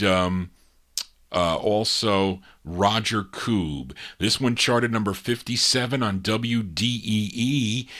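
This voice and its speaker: A man's voice: lowish voice, fairly bright tone. A man hosting a live oldies record show, chatting casually between songs, rambling a little and correcting himself as he goes. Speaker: radio show host and DJ. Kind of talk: casual live radio-style record introductions.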